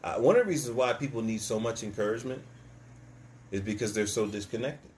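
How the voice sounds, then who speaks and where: A man talks faith in a loose, conversational way, telling stories and acting out quoted lines. His pitch sits in the middle of the usual male range. A faint room ambience hangs under his voice. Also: brisk, a little hiss or hum. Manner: storytelling, animated, acts out quotes, laughs often. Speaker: co-host of a church podcast. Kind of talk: casual faith chat.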